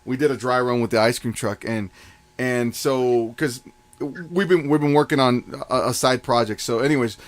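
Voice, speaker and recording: A man's voice: medium pitch, moderate pace. A man co-hosting a live talk show, telling a rambling story in casual banter, chuckling and humming jingles along the way. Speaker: co-host.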